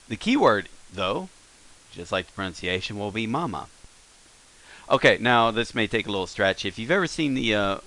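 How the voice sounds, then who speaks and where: A man's voice: on the low side, pushed and bright, low-quality recording. A man teaching a casual recorded lesson, explaining in a rambling way with many fillers and self-corrections.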